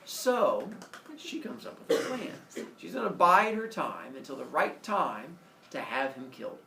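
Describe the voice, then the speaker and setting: A teacher telling a myth to his class in an animated, playful way with sound effects. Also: fairly high pitch, measured pace, vocal fry, a little hiss or hum. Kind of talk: storytelling to a class. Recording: echoey classroom, from a distance.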